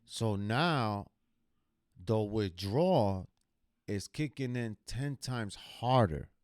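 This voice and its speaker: A man's voice: lowish voice, lively intonation, slow, a little mellow, no echo, clean studio sound. A man streaming a reaction video, telling a personal story casually in a blunt, profane, emphatic way.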